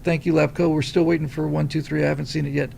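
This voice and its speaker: A middle-aged man hosting a casual livestream, rambling and animated as he reads viewer comments. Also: fairly high pitch, quick pace, vocal fry, slight background noise. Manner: rambling, animated, many restarts. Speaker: livestream host reading super chats.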